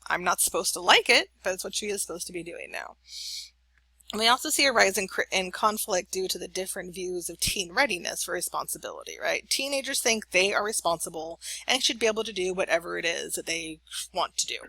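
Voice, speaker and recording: Bright, chatty woman lecturer. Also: lowish voice, expressive, a little fast, creaky, breathy edge, dry recording. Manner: chatty, anecdotal, frequent "right?". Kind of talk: recorded college lecture.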